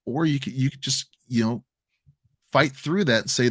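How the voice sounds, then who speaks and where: A man's voice: medium pitch, normal speed, no echo. A man from the American Midwest, co-hosting a crypto livestream, telling an emotional story with many restarts and repeated words. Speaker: crypto stream co-host. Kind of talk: casual livestream chat.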